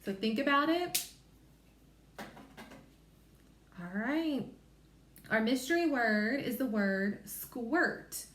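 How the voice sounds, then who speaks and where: A woman teacher giving a recorded phonics lesson to young children, sounding out letters and word parts slowly and clearly. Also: a little high, lively intonation, a bit bright, reverberant, slight background noise.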